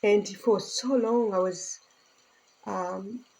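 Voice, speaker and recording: A woman's voice: medium pitch, fairly even intonation, extremely slow, creaky, darkish tone, low-quality recording. A woman vlogger in a casual chat, talking in rambling, emotional broken English and laughing often.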